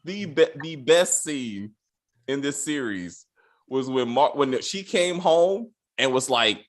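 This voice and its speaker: Animated man in casual chat. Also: mid-range voice, takes it slowly. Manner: animated, acts out characters' lines. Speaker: podcast host.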